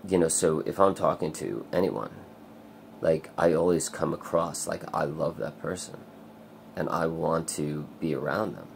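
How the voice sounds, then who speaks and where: Very deep, gravelly-voiced man rambling. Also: unhurried, slight background noise. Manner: rambling, swears a lot, many fillers. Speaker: vlogger. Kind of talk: casual personal vlog.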